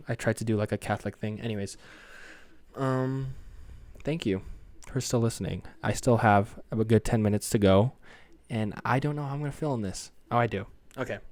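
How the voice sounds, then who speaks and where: A man's voice: on the low side, darkish tone. A tired young man hosting his own podcast, rambling in casual chat, swearing freely and apologizing for himself. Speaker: podcast host.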